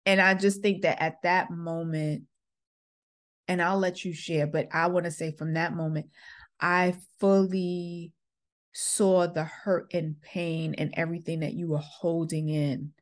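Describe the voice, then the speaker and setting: A woman's voice: fairly low pitch, level tone, a little slow. A middle-aged woman, a former school principal, earnestly telling a personal story and acting out the quoted exchanges. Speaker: podcast host, former principal.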